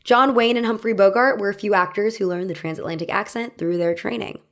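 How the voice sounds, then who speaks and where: A woman's voice: medium pitch, a little fast, fairly bright tone. Wry young woman narrating a video essay. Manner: wry, conversational, laughs at own asides.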